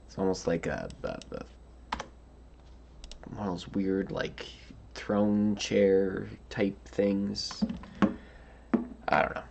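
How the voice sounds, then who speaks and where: Low slow gravelly guy mumbling thru a coding challenge, kinda tired, faint typing behind. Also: sing-song, darkish tone, a little hiss or hum. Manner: musing, hesitant, many fillers and restarts. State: tired, yawning. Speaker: coding tutorial host. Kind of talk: thinking-aloud coding walkthrough.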